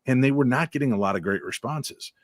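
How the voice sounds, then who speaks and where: A man's voice: mid-range voice, fast talker, dry recording, studio quality. A man, a paranormal investigator, telling stories in casual chat and acting out the voices of people he quotes. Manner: animated storyteller, acts out quoted voices.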